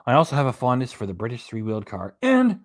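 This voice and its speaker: A fast-talking reaction livestream host has a mid-range voice with wildly swooping pitch. He rambles and chats, reading viewer comments and web pages aloud, in studio-quality sound without room echo.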